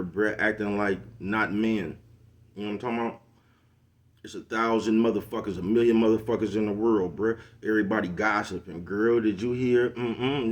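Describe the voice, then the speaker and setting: A middle-aged man ranting casually to the camera, laid-back and slangy, always asking if you know what he's talking about. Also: lowish voice. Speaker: vlogger hosting his own show.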